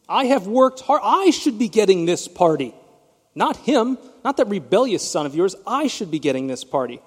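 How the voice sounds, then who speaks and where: A man's voice: high-pitched, big pitch swings, moderate pace, slightly rough, voice pushed up, heavily acted. A man voicing a resentful older son who demands what he thinks he is owed. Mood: indignant. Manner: shouted, demanding. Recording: long hall reverb.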